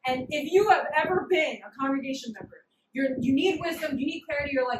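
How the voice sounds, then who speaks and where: A young woman giving a casual, humorous sermon, slangy and animated, acting out little scenes. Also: sits high, a little fast, a little hiss or hum. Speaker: preacher. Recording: echoey room, mic at a distance.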